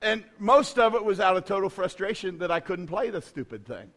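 A middle-aged male pastor telling a self-deprecating story in a sermon, dropping to quiet asides and rising to shouts. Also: high-pitched, sing-song, a little fast. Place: church.

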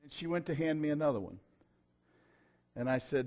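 Man, middle-aged, folksy sermon testimony, emphatic loud bursts, mid-pitched voice. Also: expressive, moderate pace. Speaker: preacher.

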